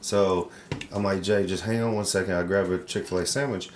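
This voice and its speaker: A man's voice: deep voice, steady tone, brisk, a little mellow, a little hiss or hum. A man on a casual podcast telling a story animatedly, swearing freely and acting out the voices. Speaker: podcast co-host. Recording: roomy echo.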